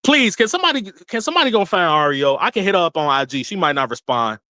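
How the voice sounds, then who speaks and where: Man, young adult, livestream rant, bright, dry close mic. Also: high voice, fast talker, hardly any pauses, dry recording. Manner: animated, laughing, swearing, repeats himself. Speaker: livestream host.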